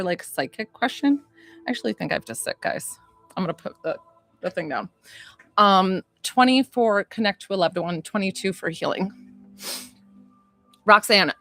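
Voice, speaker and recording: A gushing, excitable woman talks on a phone livestream, her voice jumping between loud bursts and softer asides. She greets viewers as she chats, and faint music plays underneath. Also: mid-range voice. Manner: gushing, excitable, chatty, reads out viewer names. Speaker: livestream psychic medium and healer. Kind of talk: excitable casual livestream chat.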